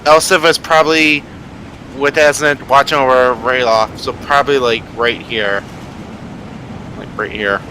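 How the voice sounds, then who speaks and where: A man's voice: medium pitch, steady tone, a little slow, sharp tone, slight background noise, poor audio. A man, a player in a tabletop game, chatting casually over voice chat and rambling, constantly restarting and correcting himself.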